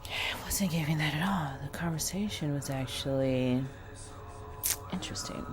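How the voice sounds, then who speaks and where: A woman vlogger telling a personal story to the camera in a chatty, expressive way, talking straight to her viewers. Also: sits low, moderate pace, music in the background.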